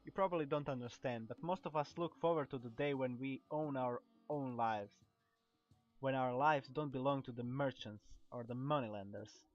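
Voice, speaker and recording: A gossipy, talkative female weapon dealer from a video game, voiced by a man with a Croatian accent. She rambles and trips over words, in a middle-pitched voice. The recording sounds dull, with faint game music underneath. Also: normal speed, lightly acted. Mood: wary. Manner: reads lines aloud with stumbles and restarts.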